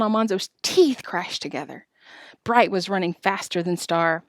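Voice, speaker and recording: A woman's voice: lowish voice, normal speed, no echo. Woman reading a story aloud, dry sound. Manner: expressive, dramatic narration. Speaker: storybook reader. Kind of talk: reading a children's novel aloud.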